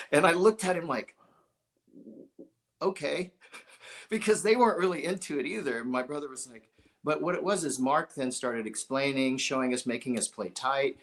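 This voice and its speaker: A man's voice: on the high side, normal speed. A middle-aged man from Ohio, a musician as an interview guest, telling stories animatedly, acting out the voices of the people he quotes and chuckling often. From Dayton, Ohio. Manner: animated storyteller who acts out quoted voices, with frequent chuckles. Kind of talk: storytelling in a conversational interview.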